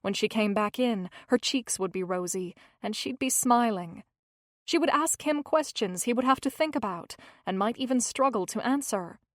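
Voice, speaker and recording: Brief: female audiobook narrator, measured scripted read, fairly high pitch. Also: no echo, studio quality.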